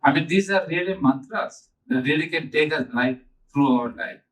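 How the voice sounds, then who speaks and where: A man's voice: a little high, moderate pace, fairly bright tone, recorded from a distance, rough recording. An older man giving an earnest spiritual talk to a gathering, stressing points by repeating them. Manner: earnest, emphatic, repeats key phrases. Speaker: spiritual teacher.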